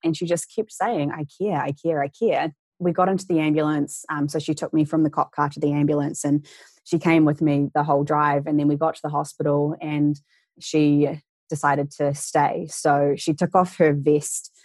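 Low-voiced young woman telling her story. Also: flat delivery, normal speed, a little mellow, no echo. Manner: candid, earnest, re-enacts quoted voices. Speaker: interview guest. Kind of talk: personal storytelling in an interview.

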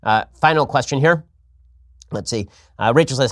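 A man's voice: mid-range voice, brisk, a bit bright, dry recording, studio quality. A man hosting a show, answering listener questions in a casual, wry monologue full of restarts. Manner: talkative, frequent restarts, wry. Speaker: podcast host.

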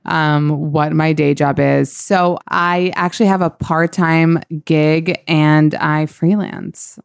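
A woman's voice: sits low, fairly even intonation, slow pace, vocal fry, clean tone, dry recording, clean studio sound. A woman hosting a podcast, chatting casually about celebrity gossip with lots of "like" and fillers. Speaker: podcast host.

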